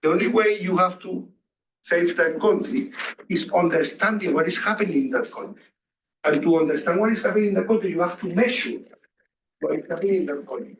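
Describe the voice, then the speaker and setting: Male lecturer, high voice, repeats himself, roomy distant sound. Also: fairly quick, a little hiss or hum. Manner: questions the students, repeats phrases. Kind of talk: classroom lecture. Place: classroom. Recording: echoey distant room recording.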